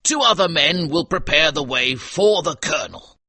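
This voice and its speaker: A man's voice: a little high, animated, moderate pace, bright, forceful tone, breathy edge, no room sound, voice pushed up, exaggerated voice. A man with a British accent playing a drunk army sergeant father in an audiobook, talking in a grand, prophetic way. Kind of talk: audiobook character reading.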